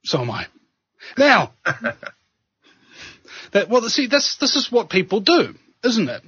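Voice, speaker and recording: Man, new zealand accent, talk show host, lively and bright, husky, dry dull recording. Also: high-pitched, slow pace, no echo. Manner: animated, preachy, joking. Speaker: podcast host. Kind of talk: casual chat and monologue. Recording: dull lo-fi sound.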